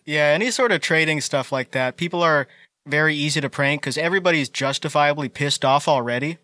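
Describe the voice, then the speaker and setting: A man on a casual talk podcast, dropping deadpan joking asides. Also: on the high side, fairly quick, dry recording. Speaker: podcast co-host. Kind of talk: casual chat.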